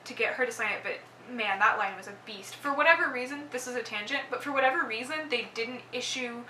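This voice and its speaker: Young Texan woman, gushing chatty storyteller, higher voice; roomy, distant sound. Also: fast talker, sharp tone, a little hiss or hum. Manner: gushing, lots of "like" and laughs. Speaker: book vlogger. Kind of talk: casual storytelling recap.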